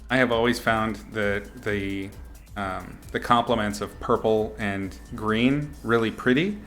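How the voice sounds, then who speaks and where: Laid-back male artist streaming, low voice. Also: a little slow, soft background music. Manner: relaxed, chatty, laughs often, reads out chat names. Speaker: artist streaming a painting lesson. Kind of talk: casual live-stream commentary while painting.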